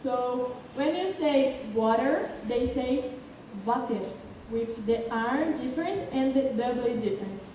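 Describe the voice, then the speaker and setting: A woman's voice: high voice, lively intonation, measured pace, few pauses, mellow. Brazilian woman presenting in an echoey hall. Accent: Brazilian Portuguese. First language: Portuguese. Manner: careful, explanatory, with occasional stumbles. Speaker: English student giving a final presentation. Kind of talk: prepared classroom presentation. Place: large city council chamber. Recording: echoey hall from far off with faint noise.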